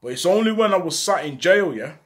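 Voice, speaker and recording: A man's voice: high voice, a little fast. Man telling a street story. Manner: animated, slang-heavy street talk. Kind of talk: casual spoken life story.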